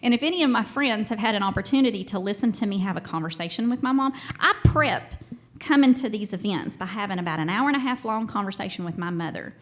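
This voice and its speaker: A woman's voice: medium pitch, animated, fast. Young Southern woman, stage storyteller, chatty and self-deprecating. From Tennessee and Georgia. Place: stage before a live audience.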